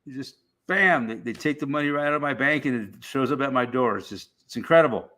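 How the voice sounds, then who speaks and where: A man's voice: medium pitch, fast, bright, forceful tone. A middle-aged man hosting a casual live stream, rambling and swearing in a laid-back way.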